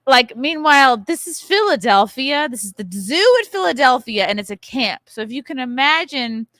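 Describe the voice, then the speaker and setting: In a hotel bar, a woman in her thirties hosts a casual podcast chat, ranting through her story and swearing plenty. Her medium-pitched voice is bright and sharp, recorded close and dry with no room echo.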